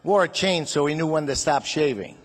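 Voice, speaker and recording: A man's voice: on the high side, a little fast, slight background noise. An older man doing a stand-up comedy routine, firing off punchy one-liners and chuckling at his own jokes. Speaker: comedian and show host.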